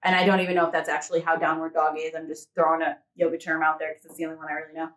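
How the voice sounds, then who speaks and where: A woman's voice: low voice, completely flat delivery, racing, a bit bright. A woman guest in a casual interview, chatty and laughing often, acting out little quotes as she talks. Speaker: interview guest, fitness model. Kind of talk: casual chat. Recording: echoey room, distant mic.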